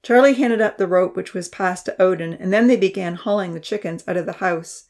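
A woman narrating a children's storybook, voicing the characters with a higher pitch and dropping to a whisper for quiet thoughts. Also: fairly even intonation, fairly quick. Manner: reads characters' lines with raised pitch and soft whispers.

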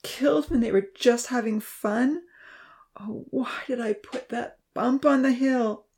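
A woman voicing a grieving old male professor who speaks softly and sorrowfully. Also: mid-range voice, lively intonation, normal speed, gravelly, pitched above the performer's own voice. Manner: sorrowful, soft and hushed.

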